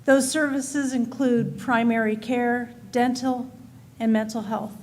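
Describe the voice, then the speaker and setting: A woman reading the offertory announcement in a church service, steady and formal. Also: a little high, slow, a little hiss or hum. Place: church sanctuary.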